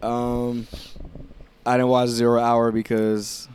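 A man's voice: mid-range voice, slow pace, clear, resonant tone. Laid-back man recapping wrestling. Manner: relaxed, rambling, acts out quotes from wrestlers. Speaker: podcast co-host. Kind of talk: casual wrestling recap chat.

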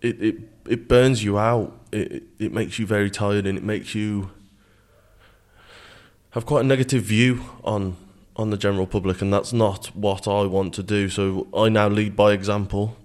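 A man with a very low voice, reflecting earnestly on his work. He often stumbles and repeats his opening words as he thinks aloud, speaking in a studio interview. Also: level tone, normal speed, a little mellow. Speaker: guest, security manager.

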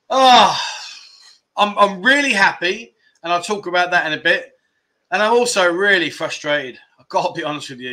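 Bright, chatty male livestream host. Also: fairly high pitch. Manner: chatty, reads out viewer comments and greets them by name. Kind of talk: casual livestream chat. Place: in Pattaya, Thailand.

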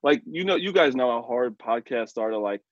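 A man telling stories in a loose podcast chat, rambling and profane, breaking into laughs as he goes. His voice sits at a middling pitch, and the sound is dry, dull and slightly lo-fi. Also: animated, normal speed, dry recording. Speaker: podcast guest and host.

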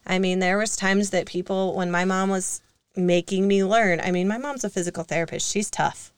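A woman's voice: medium pitch, steady tone, normal speed, smooth, no room sound, studio quality. A young woman co-hosting a casual podcast, telling stories in a chatty way with fillers and laughs. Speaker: co-host.

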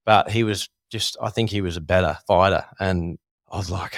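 An Australian man, a former Thai boxer, telling a story in a casual, animated way full of "sort of" and "like". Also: low voice, normal speed, no echo, clean studio sound.

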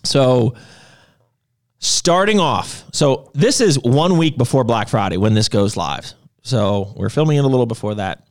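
A man's voice: medium pitch, lively intonation, a little slow. A young man hosting a casual promotional chat about store sales. He talks in a loose, rambling way and often stops and restarts his sentences. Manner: loose and chatty, stops and restarts, jumps between deals. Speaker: gym owner and supplement shop host.

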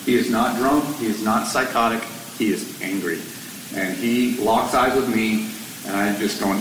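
A man, a firefighter, telling his story to an audience, growing animated and rising toward a near-shout when exasperated. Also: fairly low pitch, a little slow, reverberant, recorded from a distance, background noise.

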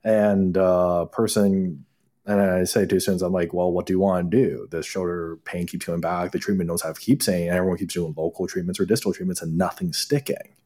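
A man with a very low, deep voice speaks as a guest acupuncturist. He tells clinic stories in a loose, conversational way. He animates them by acting out the lines of the people he quotes. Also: fairly quick. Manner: animated, acts out quoted dialogue. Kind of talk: casual storytelling conversation.

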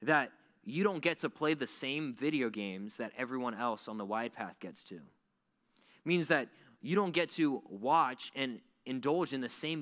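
A man preaching a youth sermon in a casual, animated way, full of "like" fillers. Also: medium pitch. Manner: conversational, animated, many "like" fillers. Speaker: youth pastor. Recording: echoey hall reverb.

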